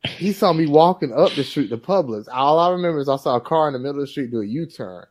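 A man co-hosting a podcast tells a childhood story in casual conversation, speaking quickly in a fairly high voice. He is an animated storyteller who acts out the voices of the people involved.

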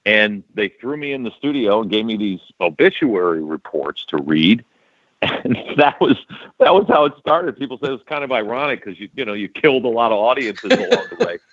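A man in his fifties from New York, a broadcaster telling stories as a guest in a casual interview, laughing often and jumping in pitch when quoting himself. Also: sing-song, a little fast, a bit bright, no room sound. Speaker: radio and wrestling broadcaster, guest. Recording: slightly dull, dry podcast audio.

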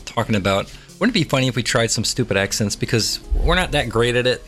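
A man's voice: mid-range voice, expressive, a little fast, fairly bright tone, faint music behind. Laid-back teasing man on a podcast. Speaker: podcast co-host. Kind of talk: casual chat.

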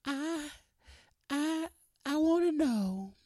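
A man putting on a high, sultry woman's voice to muse about double standards. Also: expressive, very slow, dark tone, slight background noise, heavily acted. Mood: musing. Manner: high breathy put-on voice.

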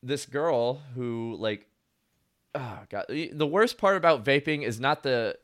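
A man's voice: mid-range voice, lively intonation, a little slow, fairly bright tone, no echo, studio quality. A man telling stories in casual chat, rambling with lots of "like" and frequent laughter.

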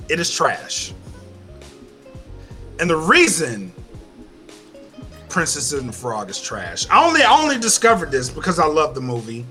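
A man hosting a casual podcast, ranting loudly with heavy swearing. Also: a little high, wildly swooping pitch, measured pace, pauses often, soft background music. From Louisiana. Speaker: podcast host. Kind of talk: casual chat.

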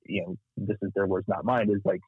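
A man's voice: deep voice, a little fast, breathy edge, dry recording, soft background music. A man from Texas with a Texas accent, telling stories from his marketing career in a casual interview. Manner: animated storyteller, acts out quoted voices. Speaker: marketing strategist guest. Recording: tinny phone-like line.

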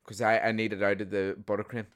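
A man's voice: on the low side, flat delivery, a little fast, smooth. A man co-hosting a podcast, chatting casually, telling jokes and swearing freely. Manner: storytelling, blunt, swears casually. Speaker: podcast co-host. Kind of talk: casual chat and joke-telling.

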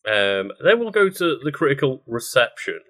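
Bright-voiced man chatting about films. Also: mid-range voice, big pitch swings, moderate pace. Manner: reads out film facts with frequent ums. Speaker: podcast co-host. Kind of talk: casual chat.

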